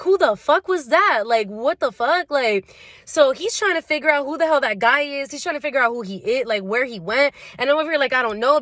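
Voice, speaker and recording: A woman's voice: on the high side, a bit bright, dry recording, clean studio sound. A young woman vlogger telling a storytime tale in casual slang, full of fillers. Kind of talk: storytime vlog.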